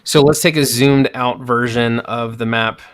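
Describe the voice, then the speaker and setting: A man hosting a podcast in casual chat, relaxed and full of fillers. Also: medium pitch, measured pace, clean tone. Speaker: podcast host.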